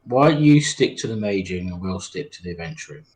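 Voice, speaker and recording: A man's voice: sits low, lively intonation, a little fast, darkish tone. A man playing a tabletop role-playing game, making wry, blunt remarks. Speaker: player. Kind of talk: tabletop play.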